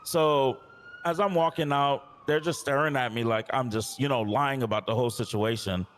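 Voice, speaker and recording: A man's voice: medium pitch, moderate pace, long reverb tail, slight background noise. A man playing a police officer in a role-play game, frustrated and recounting past conversations in detail. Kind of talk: in-character role-play complaint.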